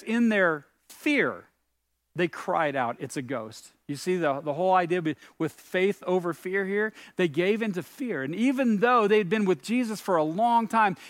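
High-voiced earnest man preaching. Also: no room sound. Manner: earnest, builds to emphatic peaks on key phrases; conversational with restarts, asks the listener questions. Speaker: pastor. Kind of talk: sermon.

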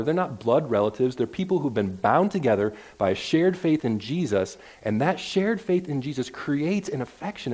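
A male pastor delivers a sermon in an earnest, conversational way, at a middling pitch. He often stumbles and restarts mid-sentence as he presses his point to the congregation in the church. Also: darkish tone. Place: church sanctuary.

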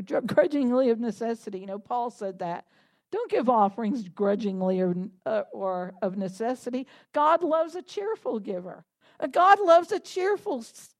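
A woman preaching a sermon to a congregation, animated and laughing, building to fervent, shouted prayer. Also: a little high.

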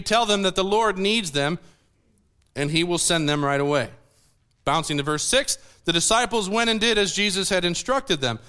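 Bright, high-voiced joking pastor. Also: male voice, smooth. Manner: playful, joking asides between scripture readings. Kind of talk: sermon. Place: church sanctuary.

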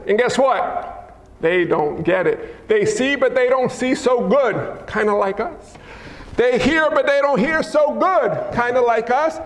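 A male pastor preaching a lively, teasing sermon, acting out scenes in a church sanctuary. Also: very high-pitched. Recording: echoey hall with long reverb.

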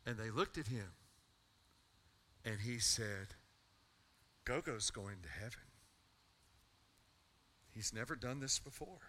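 A man's voice: mid-range voice, animated, slow pace, pauses often, pushed and bright, husky. A middle-aged man, a pastor telling a personal story in his sermon and building to a fervent altar call.

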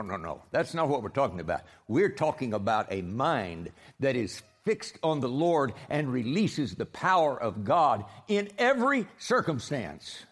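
A man preaching a sermon as pastor, direct and emphatic, with dry sarcasm and frequent restarts. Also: medium pitch.

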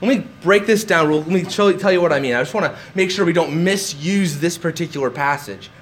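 A man's voice: fairly high pitch, fairly quick, a little hiss or hum. A man preaching a sermon, emphatic and repeating words for stress. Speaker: pastor.

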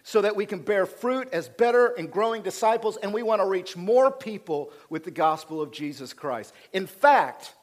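A male pastor preaching a sermon, swinging from loud emphatic passages to quiet asides, fired up. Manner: preaching with rising intensity, dropping low for asides.

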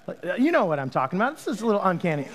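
A middle-aged male pastor from Utah preaches in an easy, conversational way, telling stories with plenty of fillers. His voice sits a bit higher than most men's and swings a lot, from hushed low passages to loud, excited peaks. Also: fast. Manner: conversational, animated storytelling with fillers. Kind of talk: sermon.

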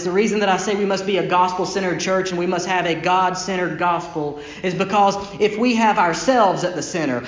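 Man, pastor, emphatic sermon, slightly high voice, echoey sanctuary. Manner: emphatic preaching with repeated phrases, dropping low and slow on key lines. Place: church sanctuary, from the pulpit.

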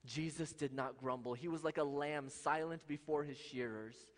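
A man preaching a sermon with passion, swinging from loud, soaring lines to hushed, quiet ones. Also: moderate pace. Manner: impassioned, swings from loud highs to hushed lows. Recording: long hall reverb.

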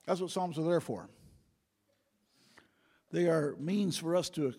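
A male pastor delivers a sermon from the front of a church sanctuary. His voice is slightly husky and sits a little high. It swells into booming, emphatic calls, and long hall reverb trails behind every phrase. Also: slow pace, mellow. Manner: preaching with rising, booming emphasis.

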